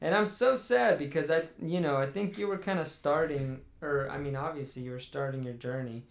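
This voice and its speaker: Young guy venting on a podcast, kinda high voice, rambles and swears a lot. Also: a little fast, gravelly. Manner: rambling, profane, mock-mournful. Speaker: podcast host. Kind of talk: casual chat.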